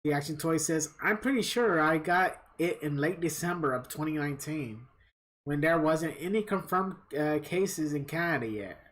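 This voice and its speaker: A man's voice: fairly high pitch, lively intonation, normal speed, fairly bright tone. A man live-streaming a fighting game, chatting casually with viewers in a rambling, profane storytelling manner.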